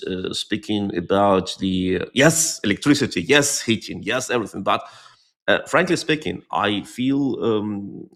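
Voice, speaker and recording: Male interview guest, low and gravelly, blunt but halting delivery. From born near Moscow, Soviet Union. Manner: earnest, searches for words with frequent pauses; outspoken and blunt. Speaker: guest volunteer. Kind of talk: conversational interview answer.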